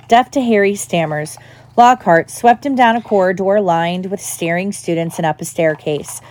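A woman's voice: lowish voice, normal speed, a little mellow. Woman reading a storybook aloud. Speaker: audiobook reader. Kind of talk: storybook narration.

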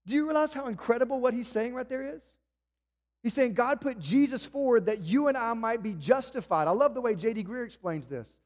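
A man's voice: very high voice, expressive, fairly quick, a little mellow, long reverb tail. A male pastor, preaching an earnest sermon and pressing his listeners with rhetorical questions.

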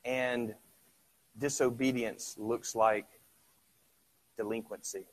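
A middle-aged man preaching a sermon in a conversational way, asking the congregation rhetorical questions, sometimes dropping to a hush and then rising loud. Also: mid-range voice, fairly even intonation, slow. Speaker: pastor.

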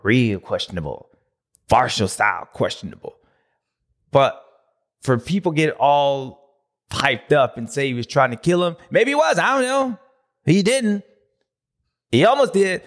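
A man hosting a motocross recap show, talking in a loose, slangy, animated way with loud bursts and low asides. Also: measured pace, long pauses. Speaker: motocross podcast host. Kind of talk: casual race recap commentary.

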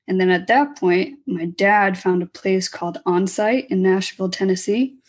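A woman in her twenties, a guest in an interview, telling a personal story candidly with halting restarts and fillers. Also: medium pitch, husky. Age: 20s.

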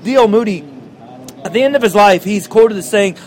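A man preaching a sermon as pastor, telling stories with lively acted-out quotes. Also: high voice, brisk, rough recording. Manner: animated storytelling, acting out quoted voices.

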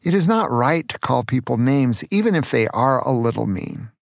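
A man in his sixties from California, a grandfather gently and earnestly telling stories from his childhood on his own podcast. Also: medium pitch, expressive, vocal fry, no echo, clean studio sound. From California, USA. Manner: earnest, gentle, slow storytelling. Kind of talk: storytelling memoir.

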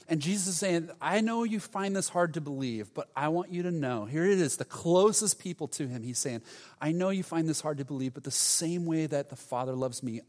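A man's voice: a little high, darkish tone. A man preaching a sermon in an earnest, conversational way, acting out quoted lines. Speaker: pastor. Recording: reverberant hall.

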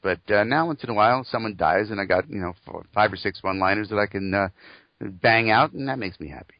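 A man's voice: on the low side, fast talker, no room sound, muffled recording. A man, a voice actor and comedy writer, answering interview questions in a wry, joking way.

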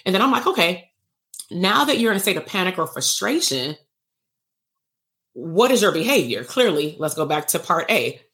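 A woman therapist teaching casually on a livestream, animated and playful, acting out exchanges and swearing lightly. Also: fairly low pitch, normal speed, pauses often. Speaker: therapist leading workshops.

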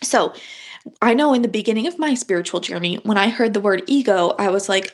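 Young woman chatting away on her spiritual podcast, kinda husky gravelly voice, yawns a lot. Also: mid-range voice, a little fast. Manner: animated, chatty, frequent yawns and gasps. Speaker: podcast host. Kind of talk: casual spiritual podcast monologue.

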